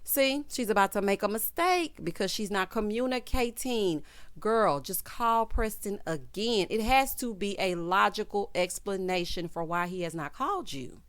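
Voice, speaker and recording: A woman hosting a casual TV recap, retelling scenes in a sassy, animated way with quoted voices. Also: mid-range voice, moderate pace, no room sound. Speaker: TV recap host.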